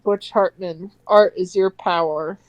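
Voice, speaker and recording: A woman co-hosting a casual comedy chat, animated and mocking, laughing often. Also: lowish voice, a little slow, dry recording. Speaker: co-host.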